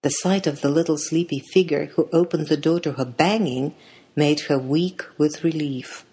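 A storyteller giving a measured, dramatic reading of a fairy tale. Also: medium pitch, dark tone, slightly rough. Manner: measured, dramatic read-aloud delivery.

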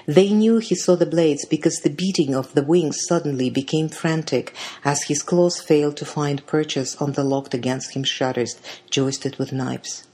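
A husky, breathy storyteller reads a fairy tale aloud at a middling pitch. The delivery is measured and dramatic, in the steady manner of storybook narration.

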